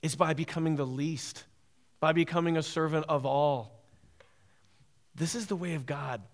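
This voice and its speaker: A man's voice: on the high side, moderate pace. A man preaching a sermon, emphatic and repetitive, often asking "right?".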